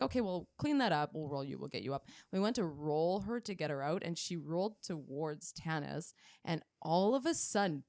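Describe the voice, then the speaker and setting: Woman, nurse podcast co-host, lowish voice, animated storytelling, frequent laughter, dry close mic. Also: no echo. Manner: animated, laughs often while telling stories. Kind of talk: casual storytelling chat.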